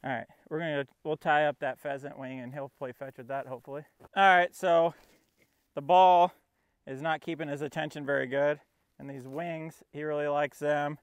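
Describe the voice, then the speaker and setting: On the high side and smooth, this man's voice has fairly even intonation and a moderate pace, with no room sound. In a casual vlog, he trains his puppy outdoors in a field, coaxing it and narrating between commands.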